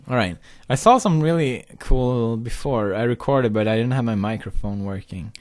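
A young man commenting on a video game in an excitable way, often laughing, swearing and shouting. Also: mid-range voice, moderate pace. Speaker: gaming video host. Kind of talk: let's play commentary.

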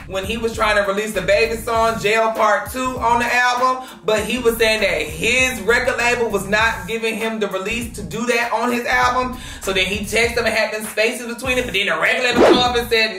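A woman hosting a gossip show, loud and swearing, who laughs and shouts a lot. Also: fairly high pitch, normal speed, echoey room, recorded from a distance, faint music behind. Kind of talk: loud casual gossip commentary.

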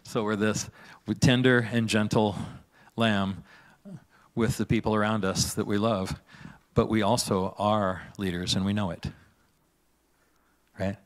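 A man preaching a sermon in a church, with a fairly low voice. He talks in a loose, conversational way, often checking in with "right?" and breaking into laughs. His delivery feels like easy chat with the congregation rather than a formal address. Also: little pitch movement, a little slow. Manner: casual and chatty, often asks "right?" and laughs. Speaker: pastor.

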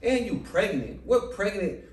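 A man's voice: sits high, big pitch swings, unhurried, slight background noise. Exasperated young man, far off in a roomy room. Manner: exasperated, keeps repeating that she should stop. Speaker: prank target, boyfriend. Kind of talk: casual argument. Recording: roomy room, far mic, chatter behind.

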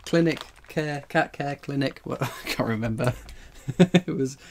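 A man chats away on his livestream, jokey and rambling as he reads out chat messages. He talks at a middling pitch and sounds buzzy from strong coffee. A faint hiss sits under his voice. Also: a little slow. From England. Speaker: livestream host, coin collector.

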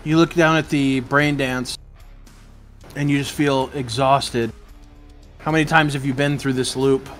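A man narrating as game master in a tabletop game, slow and measured. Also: mid-range voice, steady tone, faint music behind.

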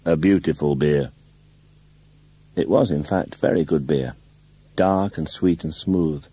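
A man narrating a literary novel in the first person, in a measured, wry way. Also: sits low, dark tone, breathy edge, dry recording. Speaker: audiobook narrator.

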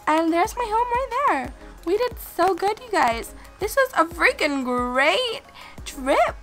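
A sick woman giving excitable let's-play gameplay commentary as a channel host, gasping and exclaiming and talking straight to her viewers. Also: sits high, vocal fry. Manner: excitable, gasps and exclaims, addresses viewers directly.

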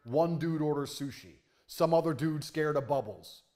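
A man's voice: on the high side, moderate pace, a little mellow. A man giving a boastful, profane monologue to camera with a brash, swaggering manner. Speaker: man filmed talking about his lifestyle.

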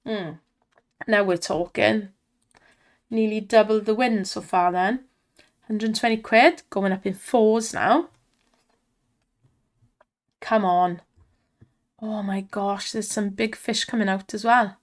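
An excitable woman commenting on slot spins and cheering the reels on, her voice strained from shouting. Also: mid-range voice, slow pace, long pauses. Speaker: slot streamer.

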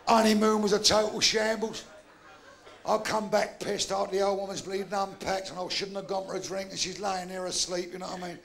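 A man's voice: high-pitched, level tone, a little fast, creaky, fairly bright tone. A man doing a live stand-up routine, telling blunt, crude jokes. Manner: blunt, crude punchline delivery with swearing. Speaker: stand-up comedian. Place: live club stage.

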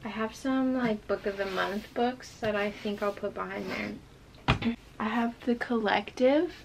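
A woman's voice: medium pitch, unhurried, vocal fry, slight background noise. A woman chatting casually and enthusiastically about her books as she sorts a shelf, easily sidetracked. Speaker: book vlogger. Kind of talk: casual chat. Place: bedroom with a running fan.

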